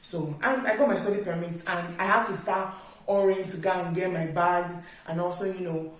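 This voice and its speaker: A young Nigerian woman with a Nigerian English accent, telling a travel story in a chatty, animated way with many filler words. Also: fairly low pitch, normal speed, distant mic. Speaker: vlogger. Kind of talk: casual storytelling. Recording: very echoey room, speaker away from mic.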